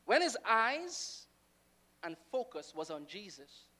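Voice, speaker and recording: A woman preacher delivering a sermon with dramatic, animated storytelling. She drops to a near hush and then rises loud again as she tells the story. She speaks in a middle pitch. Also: takes it slowly.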